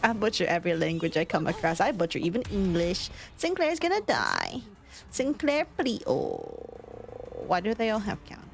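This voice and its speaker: A woman's voice: mid-range voice, wildly swooping pitch, moderate pace, vocal fry. A woman streamer chatting casually over gameplay. She swears freely, laughs often and reads chat aloud.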